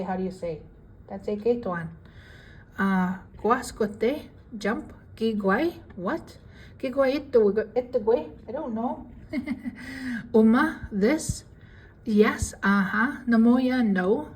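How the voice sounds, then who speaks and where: A woman giving a casual language lesson, reading out word lists with their English meanings in a relaxed, chatty way. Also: mid-range voice, breathy edge, low-quality recording. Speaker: language teacher.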